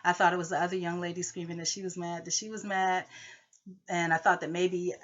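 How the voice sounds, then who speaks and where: A woman's voice: fairly low pitch, flat delivery, brisk, a bit bright, lo-fi sound. A woman rambling through a personal conflict story, full of filler phrases.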